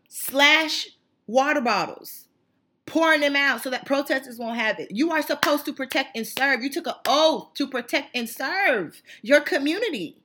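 Fiery bright-voiced woman ranting. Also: sits high. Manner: fiery, emphatic, repetitive. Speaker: channel host. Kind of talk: impassioned monologue.

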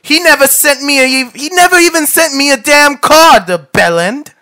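A man's voice: very high-pitched, lively intonation, normal speed, bright, forceful tone, pitched above the performer's own voice, exaggerated voice. A man putting on a British accent to play a brash young man abandoned by his father, giggling through an amateur scene reading. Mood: giggly mock-British. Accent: put-on British. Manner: giggly, mock-British slang.

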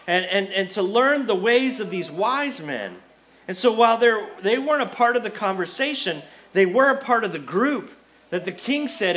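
A man preaching a sermon as pastor, retelling a story with lively acted-out dialogue. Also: high-pitched. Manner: animated storyteller, acts out quoted characters.

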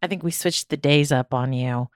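A woman's voice: sits low, moderate pace, darkish tone, dry recording, studio quality. A young woman hosting a casual podcast chat, bubbly and talkative, laughing easily. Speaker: podcast host.

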